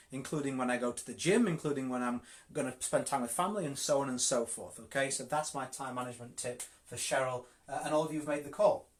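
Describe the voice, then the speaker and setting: Here a Yorkshire-accented man, his voice a little high, coaches viewers on network marketing over a live stream. His delivery is direct and emphatic, with frequent repetition of words for stress.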